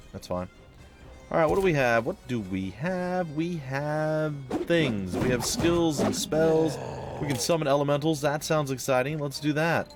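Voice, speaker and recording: A man's voice: medium pitch, moderate pace. Brief: young male let's-play host, sarcastic and dry, mid-range voice, faint music under him. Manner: wry, sarcastic, puts on silly voices for enemies. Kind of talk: casual gameplay commentary.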